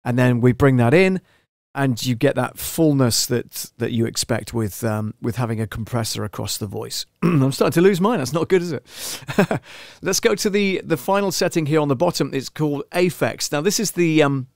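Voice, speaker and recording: A man's voice: mid-range voice, animated, moderate pace, gravelly, no room sound, clean studio sound. A man giving a casual live-stream tutorial on audio mixer settings, chatty and self-deprecating, often checking in with the listener. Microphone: studio microphone through a mixer.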